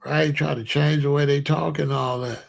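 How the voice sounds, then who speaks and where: A man's voice: fairly high pitch, flat delivery, moderate pace, creaky. An American man hosting his own show, talking casually and at length to viewers, repeating himself and boasting. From United States. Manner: rambling, repetitive, boastful. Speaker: commentary show host.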